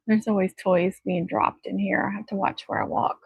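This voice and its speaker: A woman's voice: medium pitch, steady tone, moderate pace, vocal fry, husky, dry recording, rough recording. Chatty woman streaming crafts at home. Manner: rambling, chatty, talks to her dog. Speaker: craft livestream host. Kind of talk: casual chat on a livestream.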